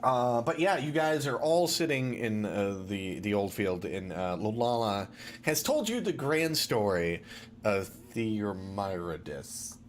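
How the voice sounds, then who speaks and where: A man runs a tabletop game stream as its game master. He talks in a fairly low voice, full of lively rises and falls, and wanders through chatty anecdotes. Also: a little slow, a little hiss or hum.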